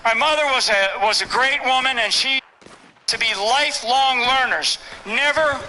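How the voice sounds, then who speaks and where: Older male speaker, very high and very bright voice, emphatic rally style with a faint hum of ambience behind. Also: moderate pace, rough recording. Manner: emphatic, repetitive, keeps asking "right?". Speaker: speaker at a public event. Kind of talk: rally speech. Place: stage at an event with a tent.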